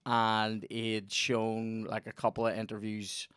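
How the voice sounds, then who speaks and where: A man's voice: on the low side, a little slow, smooth, no room sound, clean studio sound. A young Northern Irish man hosting a podcast, telling stories in casual chat and swearing freely. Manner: swears a lot, tells animated stories. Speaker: podcast host.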